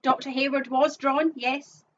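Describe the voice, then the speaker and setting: A woman's voice: sits high, steady tone, a little slow, a little hiss or hum. A woman calling numbers as host of a live online bingo game, with chatty asides between calls. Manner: upbeat announcing, chatty asides. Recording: muffled, distant mic.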